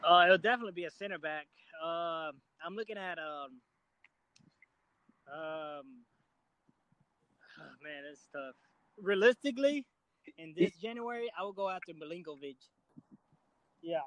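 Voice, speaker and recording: A man's voice: sits high, expressive, measured pace, pauses often, fairly bright tone, no room sound, low-quality recording. Hesitant man in a dry, close recording. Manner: hesitant, many fillers and restarts. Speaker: podcast panelist. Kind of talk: casual football discussion.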